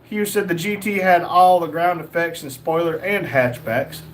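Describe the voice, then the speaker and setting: High-voiced young man reading chat. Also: normal speed. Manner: reads chat messages aloud, jokey. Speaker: livestream host reading chat. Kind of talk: casual livestream chat.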